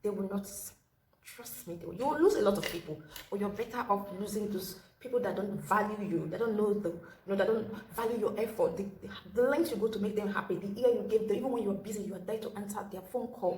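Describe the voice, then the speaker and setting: A woman's voice: mid-range voice, quick pace, darkish tone, slight background noise. Earnest woman vlogger in an echoey room. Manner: earnest, advice-giving, repeats key phrases. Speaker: vlogger telling a personal story. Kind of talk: casual storytime monologue. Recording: roomy echo with faint ambience.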